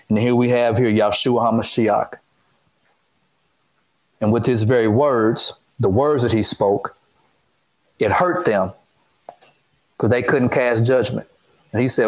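A man's voice: lowish voice, darkish tone, rough recording. A man preaching a sermon who cuts in on the scripture reading with questions and repeats his phrases in a loose, informal way.

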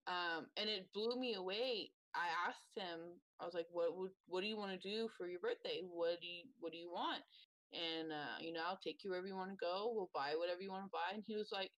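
A woman's voice: on the low side, fairly quick, a bit bright, no echo, rough recording. A woman in her thirties, a podcast guest, telling a fond story about parenting in a chatty way. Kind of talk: casual podcast chat.

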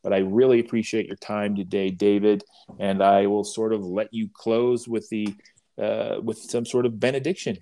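Wry, halting man telling a tale. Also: lowish voice, fairly even intonation, dark tone. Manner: halting, many restarts, wry humor. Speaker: podcast co-host. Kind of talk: casual conversation and storytelling.

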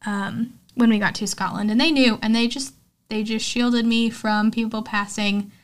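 A woman's voice: fairly high pitch, steady tone, normal speed. A young adult woman hosting a podcast, recapping a film in a chatty, candid, heartfelt way with frequent "um" and "like". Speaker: podcast host.

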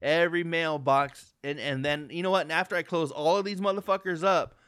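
Profane, animated male podcast storyteller. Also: on the high side, a little fast, smooth, no echo, studio quality. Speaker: podcast co-host. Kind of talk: casual storytelling chat.

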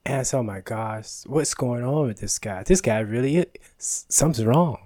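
Animated man telling a story. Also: mid-range voice, normal speed, no room sound. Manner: animated, acts out dialogue, laughs often. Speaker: podcast guest telling a story. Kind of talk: casual storytelling.

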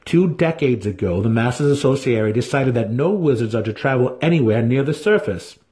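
A man voicing a scheming young male dark elf wizard who talks sharply and slyly. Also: medium pitch, lively intonation, fairly quick, close to an everyday voice. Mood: cold. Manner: sharp, scolding, sly.

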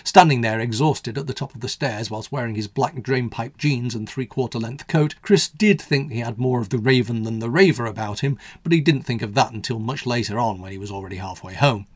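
Male radio storyteller from the UK, wry and measured; husky timbre, dry close sound. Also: mid-range voice, no room sound. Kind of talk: scripted story narration.

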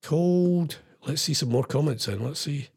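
A man's voice: on the high side, measured pace, vocal fry, a little mellow, husky. A Scottish man hosting a casual live-stream quiz as a radio DJ, teasing his listeners as he reads out their comments. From Scotland.

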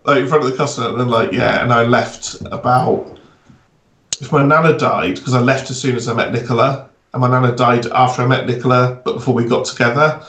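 A man's voice: medium pitch, steady tone, fairly quick, a bit bright. A man co-hosting a podcast, telling rambling stories with laughs. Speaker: podcast co-host. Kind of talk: casual chat. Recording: echoey, distant mic.

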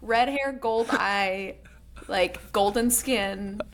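A woman co-hosting a book podcast, talking casually with many fillers and quick asides. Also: medium pitch, fairly bright tone, a little hiss or hum. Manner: fast, filler-heavy chatter with lots of "like". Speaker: podcast co-host.

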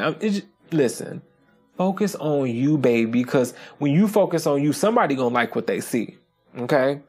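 A podcast host talking casually on their own, animated and profane, often checking in with "okay?". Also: mid-range voice, a little fast, husky, faint music behind. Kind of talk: casual solo podcast monologue.

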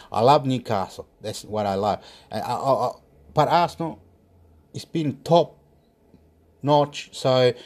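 A man's voice: medium pitch, darkish tone. Rambling man muttering to himself. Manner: talks to himself, mutters and swears. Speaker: vlogger giving football predictions. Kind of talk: casual rambling monologue.

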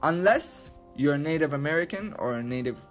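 Man, high voice, emphatic profane rant, faint music behind. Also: expressive, fairly quick. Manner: loud, emphatic, profane, repeats himself.

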